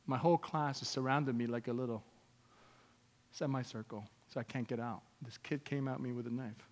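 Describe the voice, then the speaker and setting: A male pastor from Canada whose first language is not English, preaching a sermon with personal testimony. He swings between loud exclamations and hushed storytelling. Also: mid-range voice, steady tone, normal speed, big-room sound.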